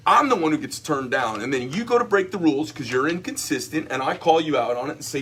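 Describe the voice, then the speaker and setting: A man's voice: fairly high pitch, brisk, few pauses, a little hiss or hum. A middle-aged man who owns a knife company, reading customer emails aloud and commenting bluntly in casual chat. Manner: blunt, rambling, animated asides.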